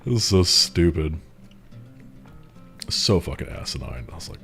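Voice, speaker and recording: A deep-voiced man streams from a home setup with a desk mic and chats casually with his audience. He rambles through stories full of swearing and mockery, laughing at his own jokes. Soft music plays faintly behind him. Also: sing-song, normal speed, vocal fry, pauses often. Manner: rambling, profane storytelling, mocking and laughing. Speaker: streamer moderating a Discord community. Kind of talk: casual livestream chat.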